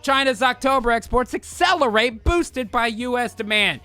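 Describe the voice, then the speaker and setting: Man, podcast host, heated profane rant, high bright voice, crisp, faint music behind. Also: lively intonation, normal speed. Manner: heated, swearing, rants at the audience. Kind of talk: profane political commentary.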